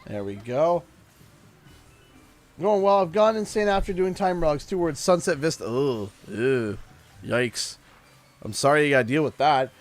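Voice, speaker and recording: A man's voice: fairly high pitch, expressive, measured pace, pauses often, faint music behind. A man with a Canadian accent, chatting casually while streaming a game, rambling with many fillers. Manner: rambling, chatty, fond of putting on a playful accent. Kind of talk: casual livestream commentary.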